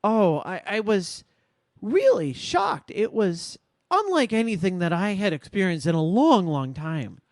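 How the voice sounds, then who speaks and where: Woman podcast co-host, earnest and reflective, very expressive intonation, dry close sound. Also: medium pitch, dry recording. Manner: reflective storytelling, measured and earnest. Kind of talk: casual podcast conversation.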